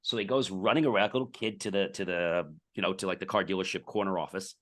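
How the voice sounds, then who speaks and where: A man's voice: deep voice, fairly even intonation, quick pace, a bit bright. A middle-aged man, a podcast guest, telling a business story in casual interview talk and acting out the dialogue.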